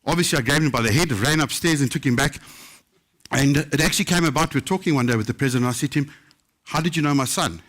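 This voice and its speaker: South African man, fairly high-pitched, lively anecdotes told on a festival stage with quoted voices acted out. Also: fast talker. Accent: South African English. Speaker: chef telling stories. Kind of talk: live storytelling talk.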